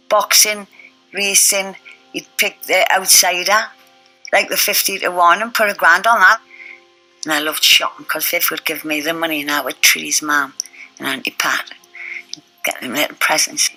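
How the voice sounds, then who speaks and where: An older woman tells her stories in a chatty, lively way and acts out what people said. Her voice sits low but sounds bright and forceful. Soft music plays behind her. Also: normal speed, poor audio. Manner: chatty, acts out quotes in the story. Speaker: interviewee. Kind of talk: casual storytelling.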